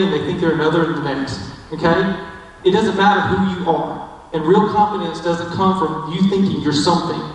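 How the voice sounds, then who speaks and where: A young man preaching a casual sermon, telling the story in a chatty way and checking in with listeners with "okay?". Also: fairly high pitch. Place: church hall. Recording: echoey hall from far off.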